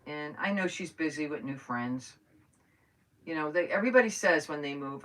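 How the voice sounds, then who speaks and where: A woman's voice: low-pitched, expressive, normal speed, a bit bright. A woman chatting casually with her viewers while doing a craft project live, rambling and greeting people by name. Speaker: crafting livestream host. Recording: voice a bit far from the mic, faint noise.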